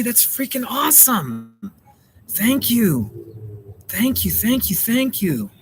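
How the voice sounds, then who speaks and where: A man's voice: mid-range voice, a bit bright, a little hiss or hum. Chatty American man hosting a live stream. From United States. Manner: chatty, reads out and answers chat, laughs often. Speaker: livestream host. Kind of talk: casual live stream chat.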